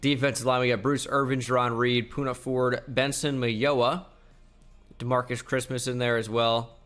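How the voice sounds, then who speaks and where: A man's voice: medium pitch, flat delivery, fairly bright tone, soft background music. A young man giving casual, rambling commentary over his video game footage as a channel host. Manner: chatty, rambling, quick asides.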